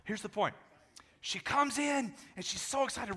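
A man preaching a sermon in a large church, animated and joking with the congregation, often repeating words as he restarts. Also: very high-pitched, a little slow, noisy background. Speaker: pastor. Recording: echoey hall.

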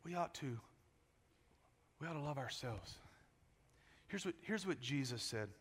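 Male pastor, sermon, high bright voice, animated and joking, repeats words, big church, echoey hall. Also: a little slow, slight background noise. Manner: animated, joking with the congregation and acting out quotes; often repeats words as he restarts. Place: large church.

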